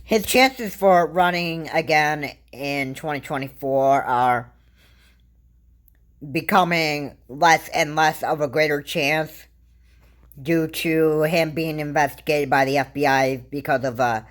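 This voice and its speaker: A woman talks through political views in a loose, casual commentary. Her voice sits low and she takes her time, and her thoughts wander and halt, with frequent restarts along the way. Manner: rambling, halting, with frequent restarts and fillers. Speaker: vlogger.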